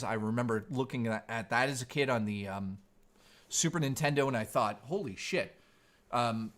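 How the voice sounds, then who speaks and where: A man's voice: medium pitch, a bit bright. A man in his forties, a streamer host chatting casually in a laid-back, surfer-style way. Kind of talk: casual live-stream chat.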